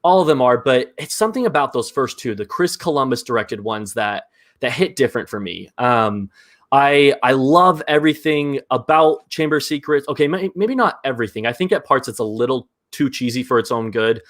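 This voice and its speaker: A man hosting a live movie ranking show in casual chat, enthusiastic and quick to laugh, with lots of fillers. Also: medium pitch, animated, a bit bright.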